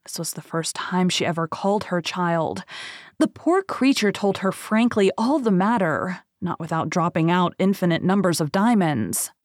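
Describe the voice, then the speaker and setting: A woman hosting a podcast, reading an old fairy tale aloud in a clear, steady storytelling manner. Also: fairly low pitch, normal speed, no echo, clean studio sound. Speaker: podcast host.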